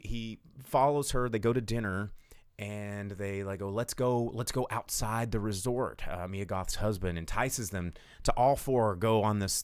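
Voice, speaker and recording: A man's voice: lowish voice, no room sound, clean studio sound. A man hosting a show, casually recapping a film plot in a rambling, irreverent way with some swearing. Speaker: podcast host. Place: home studio.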